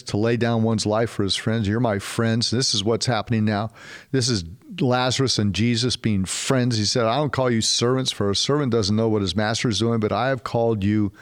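A man preaching a sermon in a casual, animated way, with slangy asides to his listeners. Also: lowish voice. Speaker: pastor.

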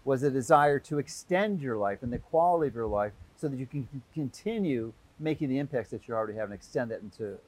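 Man interviewer, middle pitch. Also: animated, quick pace, few pauses, darkish tone, poor audio. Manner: supportive, brief affirmations. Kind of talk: interview questions and backchannel.

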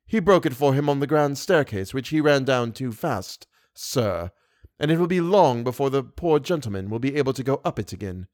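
A man voicing a haughty, excitable older woman who keeps a theatre box. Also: medium pitch, normal speed, dry recording, studio quality, close to an everyday voice. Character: indignant gossipy older woman box-keeper.

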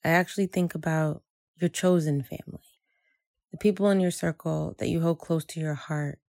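Woman, very low voice, dry close sound, reflective personal storytelling, from Jersey City. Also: steady tone, moderate pace, creaky, darkish tone, no room sound. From Jersey City, United States. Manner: reflective, with repeated phrases.

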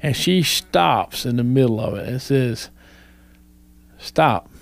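A man's voice: medium pitch, animated, a little slow, gravelly, no room sound. A man who does phone technical support, talking casually in a group discussion with a wry, anecdotal manner.

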